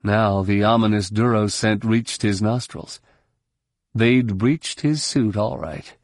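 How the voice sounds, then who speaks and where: A man reading scripted narration for an audiobook in a measured, steady storytelling manner. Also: on the low side, no room sound, clean studio sound.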